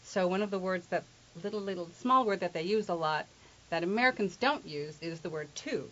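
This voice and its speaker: A woman's voice: lowish voice, fairly quick, fairly bright tone. A middle-aged woman from England who works as an accent coach, explaining accents in an interview with playful spoken examples. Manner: playful, demonstrative, teasing. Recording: dull lo-fi recording.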